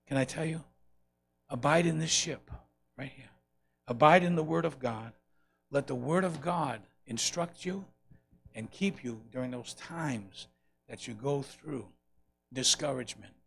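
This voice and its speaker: A man preaching a sermon and leading a closing prayer, swelling loud on key lines and dropping soft between them. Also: medium pitch, a little slow, vocal fry, long pauses, breathy edge. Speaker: pastor. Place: church sanctuary.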